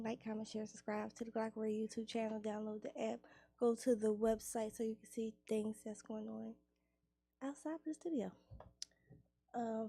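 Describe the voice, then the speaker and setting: A woman hosting a radio show in a studio, chatting casually, laughing and reeling off plugs and shout-outs. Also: mid-range voice, breathy edge, dry recording.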